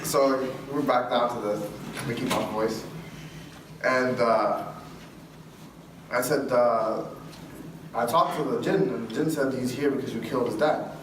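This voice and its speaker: A man speaking to a live audience, telling a story with lively acted-out dialogue and frequent laughs. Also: mid-range voice, moderate pace. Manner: animated, acts out dialogue, laughs often. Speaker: guest speaker. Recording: echoey hall from far off with room noise.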